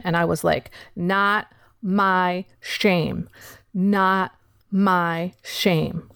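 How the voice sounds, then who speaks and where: A woman telling a personal recovery story in a candid monologue, swearing casually and shifting between quick recounting and slow emphasis. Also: fairly low pitch, gravelly, dry recording, studio quality.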